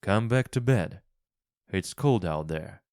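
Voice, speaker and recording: A man's voice: fairly low pitch, expressive, slow pace, darkish tone, dry recording, studio quality. A man voicing a tired, fearful old husband who urges and warns in firm, pleading words. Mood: urgent.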